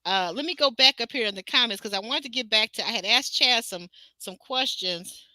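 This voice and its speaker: Bright, chatty woman host from Detroit. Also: on the high side, brisk, no room sound. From Detroit, Michigan. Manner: animated, chatty, reads viewer comments aloud. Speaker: show host. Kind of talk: casual livestream recap chat.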